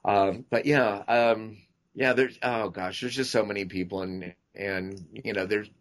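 A man guest on a podcast chatting casually, rambling and halting, often breaking into laughter. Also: lowish voice, steady tone. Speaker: podcast guest, makeup artist. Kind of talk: casual chat. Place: at home, tying a wig while talking.

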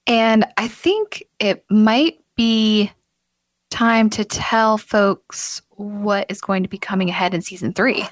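A woman's voice: medium pitch, slow, no echo, studio quality. A woman hosting a marketing podcast in a chatty, upbeat way, laughing often. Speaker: podcast host. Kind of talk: casual podcast chat.

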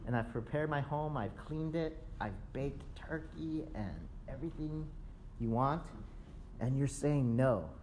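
A man delivers a conversational sermon at a middle pitch, speaking to his listeners like friends. He keeps checking in with a quick "right?" and briefly plays out the excuses he describes. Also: slight background noise. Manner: lively, acts out excuses in quick asides. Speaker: preacher.

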